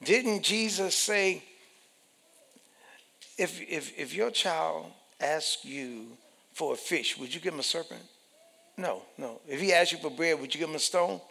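A man preaching a sermon, emphatic and animated, repeating phrases and acting out the voices he quotes. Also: fairly high pitch, unhurried, creaky, slightly rough. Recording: long hall reverb.

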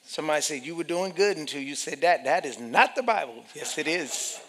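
A man preaching a sermon, swinging from hushed whispers to loud, shouted passages. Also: a little high, lively intonation, a little fast, big-room sound. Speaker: pastor.

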